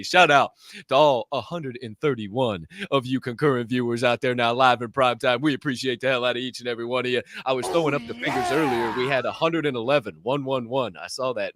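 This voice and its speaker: A man's voice: mid-range voice, a bit bright. A man co-hosting a live motivational show, playful and folksy, often laughing. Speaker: podcast co-host. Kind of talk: casual live-stream hosting.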